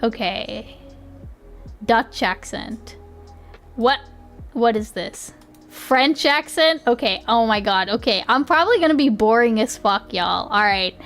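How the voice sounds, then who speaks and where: A woman's voice: fairly high pitch, lively intonation, slow, fairly bright tone, soft background music. A young woman streaming live, chatting casually in a giggly, rambling way with lots of restarts. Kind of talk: casual livestream chat.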